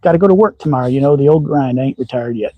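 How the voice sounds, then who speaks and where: A man's voice: medium pitch, racing, no echo, lo-fi sound. A middle-aged man from Texas with a slight Southern accent, chatting casually and folksily on a livestream from his backyard shooting range. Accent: slight Southern with a touch of upper Midwest. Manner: folksy and rambling, with frequent ums. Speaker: slingshot channel host.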